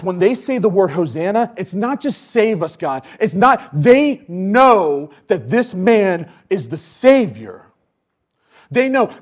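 A man preaching a casual, conversational sermon, telling stories with lots of fillers and swinging between loud bursts and hushed asides. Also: high voice. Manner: chatty with many fillers.

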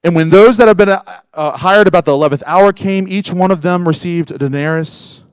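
A male pastor preaching a sermon, acting out voices and swinging from loud bursts to hushed lines. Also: high-pitched, fairly quick, clean tone, no echo. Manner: animated, acts out voices of workers.

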